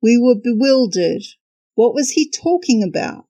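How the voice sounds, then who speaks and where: A woman's voice: a little high, animated, unhurried, warm tone, no echo, muffled recording. A woman hosting a podcast, narrating a travel story from a script with wry, dry humor.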